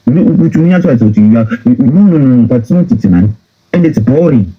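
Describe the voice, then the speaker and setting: A man's voice: medium pitch, expressive, brisk, husky. A man with a Zimbabwean accent delivering a heated political rant, scolding and repeating himself as he mixes in phrases from home. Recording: dull lo-fi recording.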